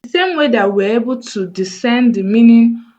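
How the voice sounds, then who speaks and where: A woman teaching a coding lesson over a screen recording, thinking aloud slowly as she types. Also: on the high side, expressive, dark tone, lo-fi sound. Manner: slow, thinking aloud while typing. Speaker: coding tutor.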